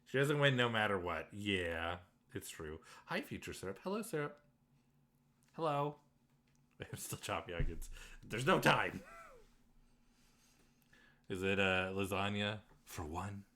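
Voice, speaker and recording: Animated, bright-voiced male streamer. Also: deep voice, unhurried, pauses often. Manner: animated, emotional reactions with frequent laughter. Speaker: let's play streamer. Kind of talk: live-streamed game commentary.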